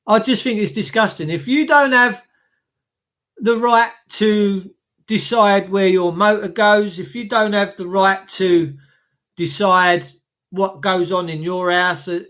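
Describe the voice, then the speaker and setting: A middle-aged man with a notably high voice for a man talks straight to his viewers in a loose, blunt rant. He swears freely and doubles back over his own words as he goes. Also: steady tone, slow, fairly bright tone. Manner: blunt, heavy swearing, repeats himself. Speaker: livestream host reading chat. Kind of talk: casual ranting monologue.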